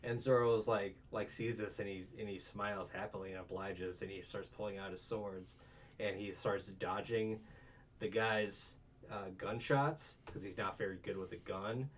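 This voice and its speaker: A man's voice: fairly low pitch, fairly even intonation, normal speed. A young man hosting a casual review podcast, rambling, swearing and retelling scenes. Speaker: podcast host. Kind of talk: casual anime review chat. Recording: distant muffled mic, faint hum.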